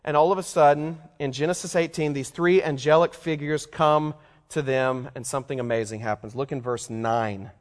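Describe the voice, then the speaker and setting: A man's voice: a little high, normal speed. Conversational male preacher in a reverberant hall. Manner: conversational, asks the listeners questions. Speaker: pastor. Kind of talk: sermon.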